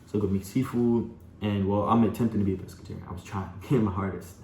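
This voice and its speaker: A young man speaks in a low, dark voice, rambling through a personal story and talking straight to his viewers. His delivery stays fairly flat, and the room around him is echoey with a faint hum. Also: fast talker. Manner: rambling, full of "like" and "you know", addresses viewers as y'all. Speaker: vlogger.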